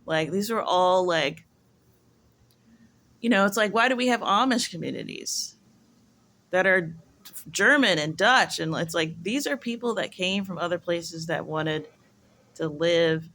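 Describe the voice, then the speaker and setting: A woman's voice: fairly low pitch, a little slow, long pauses, a bit bright. A woman talking to camera in a casual, rambling vlog monologue, musing aloud and filling her sentences with "like.". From United States. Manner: rambling, musing, heavy use of "like". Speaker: vlogger.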